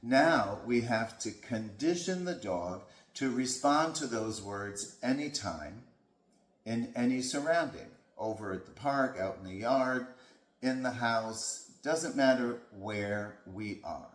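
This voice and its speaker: A man who works as a dog trainer, explaining training in a calm, patient way. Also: medium pitch, slow. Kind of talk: instructional talk. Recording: echoey room.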